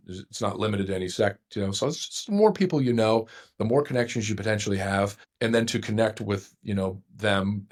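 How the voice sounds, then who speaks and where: A middle-aged man, a divorce attorney guest on a podcast, talking at length in a rambling, self-correcting way. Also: fairly low pitch. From United States. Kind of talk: conversational podcast interview.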